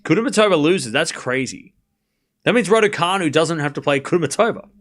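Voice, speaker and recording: Male streamer, slightly high voice with a lively, bouncing delivery; calls points and banters with chat. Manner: chatty, talks straight to his live chat, with quick asides and restarts. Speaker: host of a live tennis watchalong stream. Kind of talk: casual live commentary and chat with viewers.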